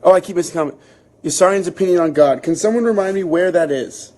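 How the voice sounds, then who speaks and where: A man hosting a book club, reading a novel aloud and then reflecting on it in a thoughtful, halting way, with frequent restarts. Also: high-pitched, mellow. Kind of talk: reading aloud and casual commentary.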